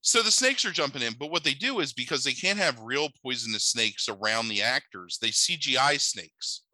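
A man tells the plot of a cheesy film in a rambling, profane, disbelieving way, full of filler "like"s. His voice is very bright and forceful. The sound is dry and close. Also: medium pitch, lively intonation, normal speed, no room sound, low-quality recording. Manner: rambling, profane and incredulous, heavy on "like". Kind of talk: casual movie recap.

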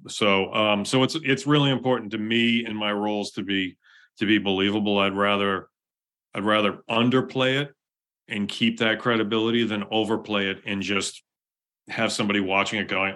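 A man's voice: fairly low pitch, fairly even intonation, normal speed, bright, forceful tone. A man, an actor, talking as an interview guest, earnest and reflective, often restarting and laughing. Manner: reflective storytelling. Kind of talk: casual conversational interview.

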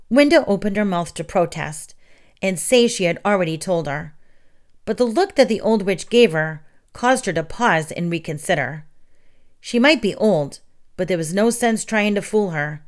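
A woman narrating a children's storybook aloud in an expressive way. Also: mid-range voice, moderate pace. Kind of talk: reading children's stories aloud.

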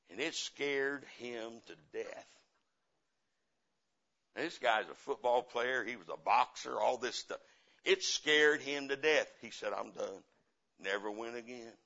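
Impassioned preacher man, bright, lo-fi. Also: medium pitch, vocal fry. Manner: impassioned, swings from loud to quiet, repeats phrases. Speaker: guest preacher, missionary. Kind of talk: sermon with personal stories. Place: church. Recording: dull lo-fi sermon recording.

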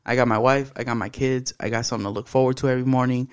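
A man's voice: medium pitch, steady tone, rapid-fire, clean tone. Young male podcast co-host with a mid-range voice, blunt and profane, casual storytelling. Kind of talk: casual chat.

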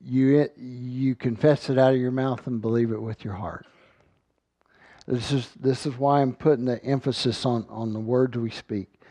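A man's voice: mid-range voice, steady tone, moderate pace, warm tone, dry recording. A man giving an earnest sermon, reading scripture aloud and often repeating words as he finds his thought. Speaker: Bible teacher.

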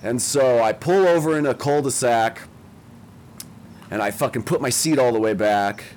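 A man's voice: mid-range voice, moderate pace, a little mellow, a little hiss or hum, low-quality recording. A young man, telling a long story in casual chat, with a lot of swearing and self-mocking asides. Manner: profane, rambling, self-mocking.

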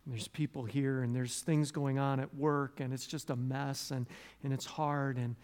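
At normal speed and smoothly, an American man preaches as pastor in a conversational style with restarts and asides. He is loud and animated in his stories and soft and low in prayer.

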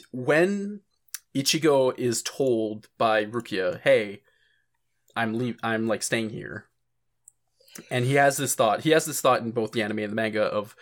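Animated man recapping with laughter. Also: mid-range voice. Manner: animated, laughs often, acts out quoted lines. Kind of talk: casual chat recapping an anime.

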